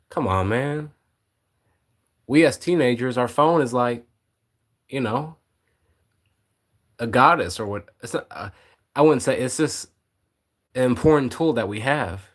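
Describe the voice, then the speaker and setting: A man's voice: mid-range voice, a bit bright. A man co-hosting a livestream, talking casually and hesitantly as he thinks aloud. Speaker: livestream co-host.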